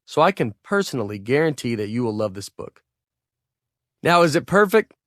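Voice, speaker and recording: A man with a Southern US accent, from Tennessee, narrating his own humorous audiobook in a laid-back, deadpan way. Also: mid-range voice, moderate pace, no room sound, studio quality.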